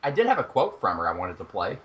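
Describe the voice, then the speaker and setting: A man's voice: on the low side, wildly swooping pitch, quick pace, pushed and bright, lo-fi sound. A man co-hosting a podcast, playful and teasing, steering the chat and setting up bits. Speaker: podcast co-host. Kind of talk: casual podcast banter.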